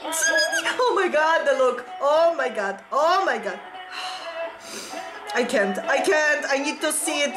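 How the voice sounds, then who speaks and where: A woman hosts an excited reaction video, gushing, squealing and singing along as pop music plays loudly behind her. Her voice sits high with big pitch swings, and she takes things slowly.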